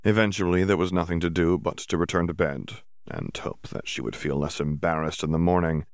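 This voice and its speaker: Male audiobook narrator; low, gravelly, steady and measured; dry booth sound. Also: no echo. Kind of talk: scripted narration.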